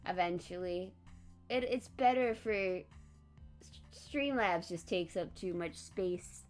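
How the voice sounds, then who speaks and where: A tired woman chats on a live stream, rambling in a flat, low-key monotone. Her voice sits low and she drags her words out slowly, with faint music playing behind her. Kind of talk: casual live-stream chat.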